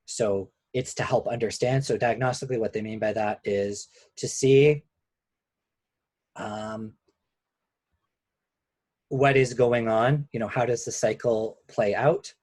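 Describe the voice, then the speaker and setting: A man who is a couples therapist, giving a measured, explanatory webinar lecture and slowing down on key points. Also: medium pitch, fairly even intonation, darkish tone, no room sound.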